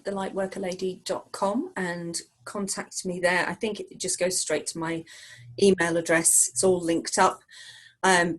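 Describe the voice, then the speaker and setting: Husky woman chatting animatedly. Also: medium pitch. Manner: animated, laughs often. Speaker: psychic, guest. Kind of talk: casual interview chat.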